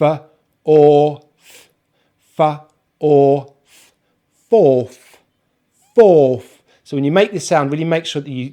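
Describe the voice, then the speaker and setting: A man with a British accent teaching an online pronunciation lesson, speaking slowly and modelling each sound one at a time. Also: mid-range voice. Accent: British English, non-rhotic. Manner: slow, careful, demonstrates sounds one by one.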